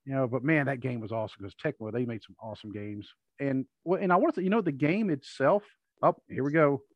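A man's voice: medium pitch, quick pace, dry recording, lo-fi sound. A man co-hosting a casual podcast, rambling and restarting as he talks through an old match. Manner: rambling, with frequent restarts and laughs. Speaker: podcast co-host. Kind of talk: casual watch-along chat.

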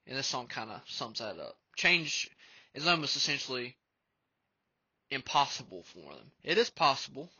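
A man's voice: medium pitch, pushed and bright, no echo. A man hosting a music podcast, talking earnestly and emotionally in a casual, rambling way. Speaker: podcast host. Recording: dull lo-fi sound.

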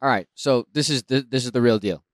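A man's voice: medium pitch, a little fast, no echo. A man co-hosting a casual podcast, telling stories and joking about words. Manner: jokey storyteller, playful word games. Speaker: podcast co-host. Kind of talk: casual chat.

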